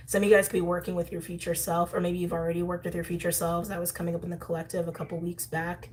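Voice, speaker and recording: A woman's voice: on the low side, fast talker, few pauses. Chatty woman giving a tarot reading. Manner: chatty, animated, talks straight to viewers. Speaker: astrology and tarot reader. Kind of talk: intuitive tarot reading to camera.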